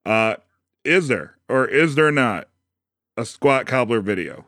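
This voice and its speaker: A man's voice: mid-range voice, sing-song, slow pace, a bit bright, dry recording, clean studio sound. A man hosting a casual podcast interview, easygoing and self-deprecating, laughing often. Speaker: podcast host.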